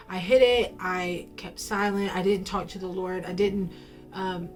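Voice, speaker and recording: A woman telling a personal faith story straight to camera in a casual, playful way, full of slang and ums. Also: medium pitch. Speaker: faith vlogger.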